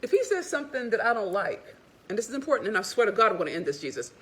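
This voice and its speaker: A woman relationship coach giving a casual, animated, sassy motivational talk to women, frank and sometimes cursing. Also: medium pitch, racing.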